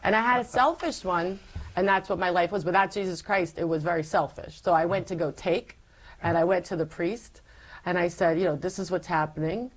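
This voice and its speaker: Woman, low-pitched, faith testimony, animated storyteller, interview guest. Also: fairly quick, low-quality recording. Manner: animated storyteller who acts out past dialogue.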